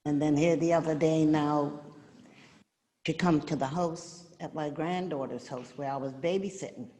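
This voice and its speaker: A woman's voice: low-pitched, fairly even intonation, normal speed, mellow, long reverb tail. Older woman, heartfelt rambling storyteller. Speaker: gift recipient sharing a story. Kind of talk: casual storytelling. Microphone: video call audio.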